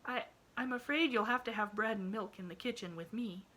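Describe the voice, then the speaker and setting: A woman's voice: mid-range voice, a little fast, fairly bright tone, pitched above the performer's own voice, lightly acted. A woman voicing a flustered, kindly young housemaid with rustic, folksy speech and frequent exclamations.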